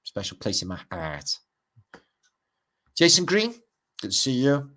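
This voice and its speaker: A man's voice: medium pitch, huge pitch swings, a little slow, bright, forceful tone. A middle-aged man with a Welsh accent, hosting a livestream, rambling and swearing as he reads out and greets his chat. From Wales. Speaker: livestream host. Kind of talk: casual livestream chat reading out comments.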